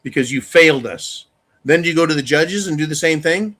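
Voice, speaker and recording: A man hosting a live-stream rant, angry and profane, with sudden loud outbursts. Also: a little high, moderate pace. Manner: angry, profane, shouting bursts. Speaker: channel host.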